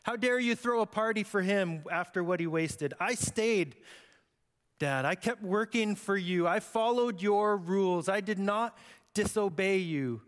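A man's voice: high-pitched, unhurried, voice pushed up. A man voicing a resentful older brother who complains indignantly to his father. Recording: echoey hall.

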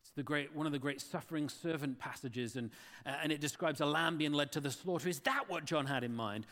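A man's voice: fairly high pitch, brisk, a bit bright, long reverb tail. A man preaching a sermon, earnest and full of rhetorical questions to his listeners. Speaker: pastor.

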